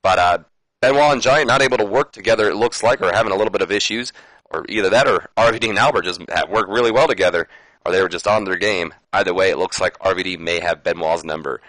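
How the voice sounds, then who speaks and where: A man's voice: fairly low pitch, fairly bright tone, dry recording, low-quality recording. A man casually commenting on a wrestling management game, chatty and prone to swearing. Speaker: gameplay commentator. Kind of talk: casual let's-play commentary.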